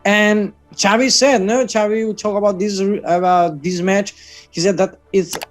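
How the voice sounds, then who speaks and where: A man's voice: sits high, fairly even intonation, measured pace, soft background music. A man from Catalonia, chatting casually about football news, often hesitating and correcting himself.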